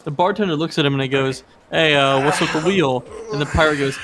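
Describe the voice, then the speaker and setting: A man's voice: a little high, a little fast, background noise. A man co-hosting a game stream in casual chat, telling corny jokes. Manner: joking, tells groan-worthy punchline jokes. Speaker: guest co-streamer.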